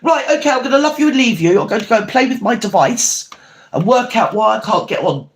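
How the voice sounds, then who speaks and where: A man's voice: sits high, expressive, measured pace, creaky, a little hiss or hum, heavily acted. A man playing a gossipy older grandmother who hosts a livestream, chatting with viewers and calling them babe and darling. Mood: affectionate. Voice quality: chatty, calls everyone babe and darling, ranting. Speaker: livestream host. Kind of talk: livestream chat reading comments.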